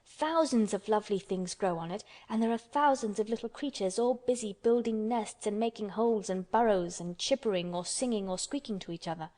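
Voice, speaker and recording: A woman's voice: medium pitch, brisk, few pauses, mellow, close to an everyday voice. A woman reading a stubborn orphan girl. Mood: eager. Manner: earnest, contrary storybook telling.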